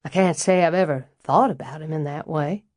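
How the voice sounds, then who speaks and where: Narrator doing frank older Southern lady, low voice, blunt and dry, audiobook. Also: brisk, darkish tone, no echo, close to an everyday voice. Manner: blunt and dryly amused. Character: frank, wry, elegant older Southern woman estate owner.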